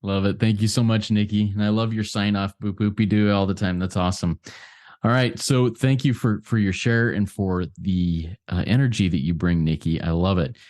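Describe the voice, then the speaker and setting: A man's voice: lowish voice, steady tone, normal speed, darkish tone. A man hosting an online recovery meeting over a video call, upbeat and appreciative as he reads out audience questions. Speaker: meeting host.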